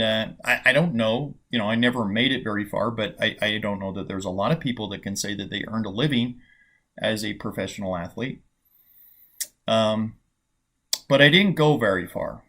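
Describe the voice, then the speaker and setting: A man in his fifties talks casually as a trading coach, his pitch sitting right in the middle for a man. He tells a story in a loose, chatty way, full of fillers and false starts. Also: fairly bright tone.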